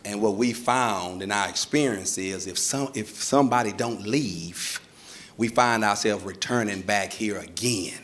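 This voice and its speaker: A man voicing a calm male police officer who explains procedure in a low, quiet, measured way. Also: a little hiss or hum. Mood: procedural. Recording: live stage recording with audience laughter.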